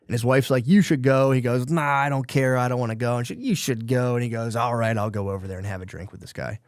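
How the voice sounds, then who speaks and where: A man's voice: mid-range voice, steady tone, quick pace, no room sound. Man, podcast host, casual rambling chat, cursing, dead-dry recording. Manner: loose, rambling retelling of a book plot, with profanity.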